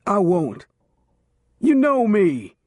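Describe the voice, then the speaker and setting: A man voicing a frightened male outlaw prisoner who whines and begs, his voice breaking high. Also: huge pitch swings, fairly quick, a little mellow, slightly rough, dry recording, studio quality, exaggerated voice. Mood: pleading. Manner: whiny, pleading, voice cracking high.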